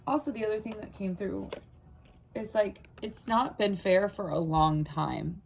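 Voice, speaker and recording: Here a medium-pitched woman with vocal fry speaks a little slowly over slight background noise. Addressing viewers directly, she delivers a casual spiritual tarot reading that rambles with fillers and restarts, her voice briefly catching with feeling.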